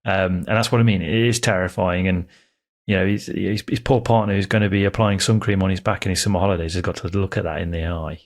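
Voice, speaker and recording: A man's voice: low voice, steady tone, fast talker. A man co-hosting a casual football podcast, chatty and enthusiastic. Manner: chatty, enthusiastic, with many fillers and restarts. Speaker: podcast co-host.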